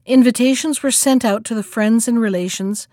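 A woman's voice: a little high, no room sound, studio quality. Woman reading a fairy tale aloud. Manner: measured, expressive storytelling. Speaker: storyteller.

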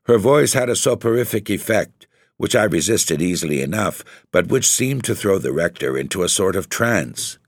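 A man reading a horror story aloud as narrator, in a measured, grave and dramatic manner. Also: low-pitched, expressive, dry recording, studio quality.

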